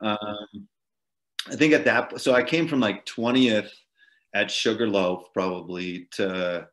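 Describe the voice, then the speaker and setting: Laid-back low-voiced man, chuckling storyteller. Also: takes it slowly, fairly bright tone. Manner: chuckles often, loose and rambling with many fillers. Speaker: podcast guest, ultrarunner. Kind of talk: casual storytelling interview.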